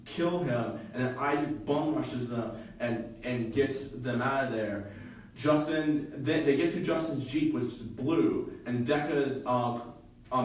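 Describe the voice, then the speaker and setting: A man casually retelling a fan fiction story on a podcast, halting and full of fillers. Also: medium pitch. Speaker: podcast co-host. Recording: echoey room, from far off.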